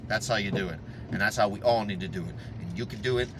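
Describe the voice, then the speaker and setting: A man's voice: lowish voice, fast, heavy background noise. A man delivering a blunt, profanity-heavy motivational rant from inside a car. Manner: blunt, heavy swearing, animated. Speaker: fitness vlogger.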